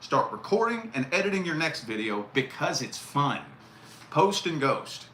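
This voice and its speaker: Blunt male tarot reader, bright tense voice, roomy echo; casual and profane. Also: a little high, big pitch swings, unhurried. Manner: blunt, profane, repeats key phrases. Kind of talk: casual live tarot reading. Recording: roomy echo with faint noise.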